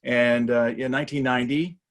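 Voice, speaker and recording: A man in his fifties with an American accent, answering interview questions in a relaxed, measured way. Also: mid-range voice. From United States. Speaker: guest, company founder.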